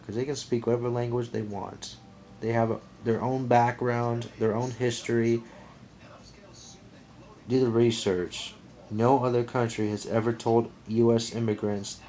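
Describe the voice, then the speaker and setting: A man's voice: mid-range voice, a little mellow. An American man delivering a rambling, repetitive, opinionated monologue to his viewers, often restarting and repeating himself. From United States. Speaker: vlogger. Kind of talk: casual monologue to camera.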